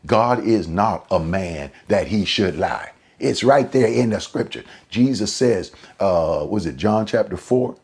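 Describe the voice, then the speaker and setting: A man preaching a sermon in a conversational way. He repeats and restarts phrases, and his pitch and volume jump up suddenly for emphasis. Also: lively intonation, normal speed, hardly any pauses, darkish tone, breathy edge. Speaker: pastor.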